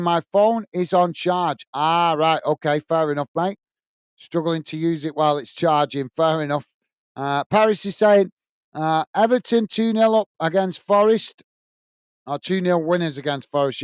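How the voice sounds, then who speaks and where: A man's voice: a little high, moderate pace, clean tone, no room sound, studio quality. A man hosting a live football watch-along, chatting to viewers and reading their comments aloud. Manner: chatty, addresses viewers as guys and mate.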